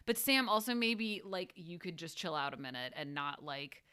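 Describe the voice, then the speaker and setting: A woman's voice: lowish voice, normal speed, few pauses, bright, forceful tone, clean tone. A woman co-hosting a podcast, chatting casually and animatedly as she recaps an episode, often laughing and acting out characters' lines. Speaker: podcast co-host.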